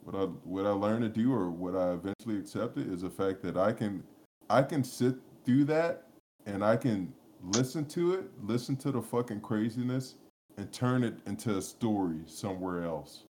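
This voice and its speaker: Brief: very low-voiced podcast co-host, rambling, profane, laughs a lot. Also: male voice, normal speed, darkish tone. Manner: rambling, profane, laughs often, lots of restarts. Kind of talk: casual chat, storytelling.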